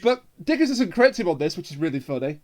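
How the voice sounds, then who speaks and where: A man co-hosting a casual review podcast, wry and quick to laugh as he recaps scenes. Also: high voice, very animated, darkish tone. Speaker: podcast co-host.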